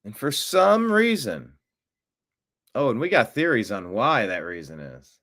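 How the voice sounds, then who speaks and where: An American man hosts a solo political commentary show, speaking a little slowly and off the cuff. He's sarcastic and animated, jumping his pitch up for mocking asides.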